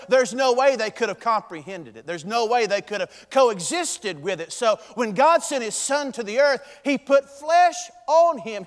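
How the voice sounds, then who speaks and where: A man preaches from the pulpit, his voice sitting high for a man and rising and falling sharply in volume and tempo. The long reverb of a church sanctuary trails each phrase. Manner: preaching with dramatic swings in loudness and pace. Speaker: pastor. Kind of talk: sermon.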